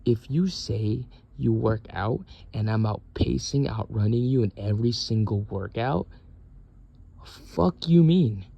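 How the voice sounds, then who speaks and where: Gravelly young man ranting profanely. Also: lowish voice, a little slow, hardly any pauses, warm tone. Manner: profane, exasperated venting. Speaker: military service member. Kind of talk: casual rant.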